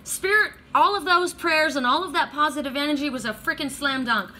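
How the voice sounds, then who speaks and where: A middle-aged woman giving a casual, emotional oracle card reading, excitable and tearful, swearing freely. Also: sits high, a little fast. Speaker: tarot and oracle card reader.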